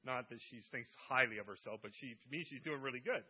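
A man's voice: medium pitch, fast, husky, highs cut off. A man preaching a sermon to a church, telling stories with humor and quoting people in their voices. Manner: humorous storytelling with quoted voices. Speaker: guest preacher.

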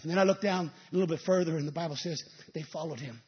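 A male evangelist preaching a sermon, telling stories and rising into emphatic shouted peaks. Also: on the high side, fast talker, few pauses, muffled recording.

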